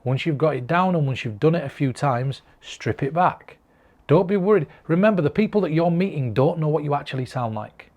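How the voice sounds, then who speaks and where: Speaking straight into his own camera, a northern English mentalist gives viewers sincere, supportive tips on performing. He is animated and a little fast, with a fairly high, darkish voice, and the highs are cut off.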